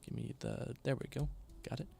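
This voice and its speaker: A man's voice: mid-range voice, steady tone, a little fast, creaky, warm tone, faint music behind. A tired man chatting casually on a live stream while building a game, often mumbling to himself.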